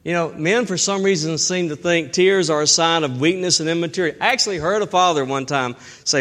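A middle-aged man preaching a sermon as pastor, emphatic and slowing down to stress key phrases. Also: on the high side, a bit bright.

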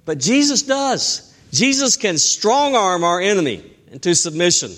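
A middle-aged man preaching a sermon as pastor, emphatic and slowing down to stress key phrases. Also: high-pitched, sing-song, fairly bright tone.

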